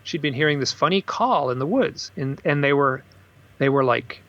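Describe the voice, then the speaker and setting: A man appears as an author on a podcast, telling stories at length and performing other people's words with bursts of high pitch. He talks a little fast. The recording has no room sound and a lo-fi quality.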